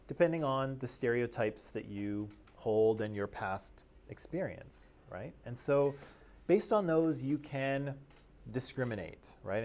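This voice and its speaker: A man's voice: mid-range voice, darkish tone. A man from Canada teaching a class, explaining things step by step and checking in with his students. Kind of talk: classroom lecture.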